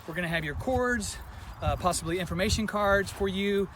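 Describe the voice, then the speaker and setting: A man's voice: sits high, moderate pace, a bit bright. A man who works at a school, walking outdoors while giving chatty step-by-step directions, a little out of breath, with many fillers. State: slightly out of breath. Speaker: school administrator. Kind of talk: walkthrough video instructions. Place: outdoors at a school sports field. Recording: noisy outdoor phone recording.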